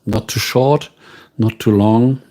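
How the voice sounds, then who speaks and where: A man with a German accent hosting a livestream, chatting casually and directly with his viewers in a relaxed, unhurried way. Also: fairly low pitch. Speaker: livestream host.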